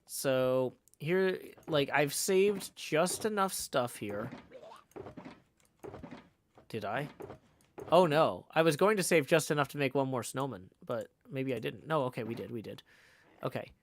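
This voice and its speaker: A man's voice: mid-range voice, measured pace, pauses often. A man streaming live, chatting casually and thinking aloud as he plays, often correcting himself mid-sentence. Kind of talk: casual livestream chat while playing a game.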